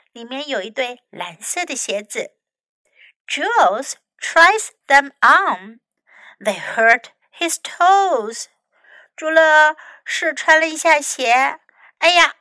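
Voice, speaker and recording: A woman English teacher reading a children's story aloud and then teaching words from it, slowly and carefully. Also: sits high, pushed and bright, dry recording.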